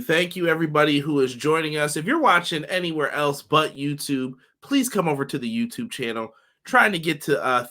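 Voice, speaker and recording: A man hosting a casual wrestling podcast livestream, upbeat and greeting viewers by name, his voice slightly hoarse. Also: fairly high pitch, bright, forceful tone. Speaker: podcast host.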